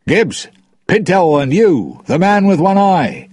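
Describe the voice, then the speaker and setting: A man's voice: slow pace, dry recording, clean studio sound, full character voice. A man reading aloud, voicing a cocky, teasing male pirate captain. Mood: gleeful. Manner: high, lively, mocking lines.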